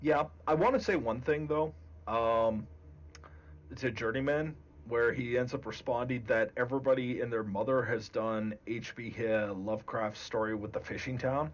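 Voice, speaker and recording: A man speaking as a guest game master in a casual discussion, deliberate and emphatic. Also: mid-range voice, steady tone, muffled recording.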